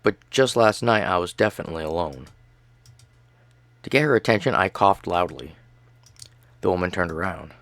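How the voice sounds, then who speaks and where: Gravelly man narrating a horror game. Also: low voice, normal speed, long pauses, fairly bright tone, dry recording. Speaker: gamer reading a story game. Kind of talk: dramatic first-person narration.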